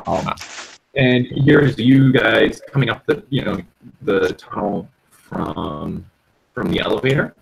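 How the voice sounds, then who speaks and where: A man running a tabletop game over online voice chat, with a gravelly, creaky voice and lively ups and downs in pitch. He narrates haltingly, filling pauses with ums as he sets the scene. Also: poor audio. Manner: halting, many ums, descriptive. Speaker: game master.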